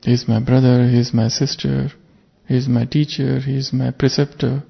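A man's voice: mid-range voice, little pitch movement, measured pace, gravelly, slightly rough. A man giving a reflective spiritual sermon, asking his listeners searching questions. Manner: earnest, reflective, poses rhetorical questions. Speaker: spiritual teacher. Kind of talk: sermon with parable. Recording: muffled lo-fi recording.

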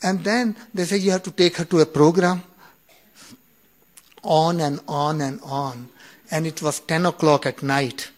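A man in his fifties shares a personal story at a relaxed storytelling pace. His voice sits a little high for a man. He stumbles and restarts often, then acts out the quoted lines with sudden bursts of force. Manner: animated retelling with acted-out quoted dialogue; halting, with many restarts and "you know". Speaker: speaker sharing a personal story.

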